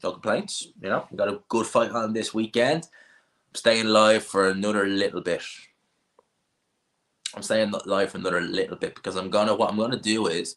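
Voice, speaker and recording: Deep-voiced North Dublin man, blunt. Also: fairly bright tone. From Ireland. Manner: blunt, offhand opinions with frequent restarts. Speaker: livestream host. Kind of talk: casual livestream chat answering viewer questions.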